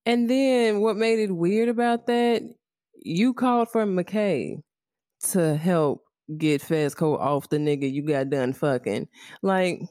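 A woman's voice: lowish voice, takes it slowly, dark tone, dry recording, studio quality. A woman co-hosting a casual chat about a TV show, blunt and profane, giving emphatic opinions. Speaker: podcast co-host.

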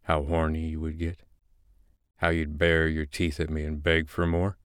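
A man playing a domineering, possessive male boss who speaks in a commanding, deliberate way. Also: a bass voice, monotone, clear, resonant tone, dry recording, clean studio sound. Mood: cold.

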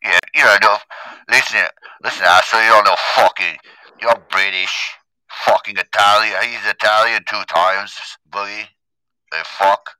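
A man's voice: lowish voice, fairly even intonation, unhurried, clean tone, no room sound, rough recording. A man putting on a raging cursing guy. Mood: furious. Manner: cursing, shouting insults. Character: angry foul-mouthed man, insulting and explosive.

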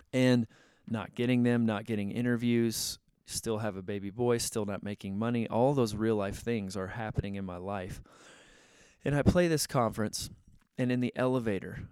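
Male guitarist and worship leader, casual storyteller, earnest and candid, smooth tone, dry close recording. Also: mid-range voice, no echo. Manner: earnest, candid, conversational with fillers.

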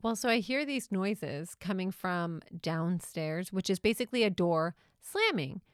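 A woman's voice: on the low side, lively intonation, unhurried, clear, resonant tone, dry recording, clean studio sound. Chatty mother co-hosting a podcast. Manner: chatty storytelling, laughs often, acts out quotes. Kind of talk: casual chat.

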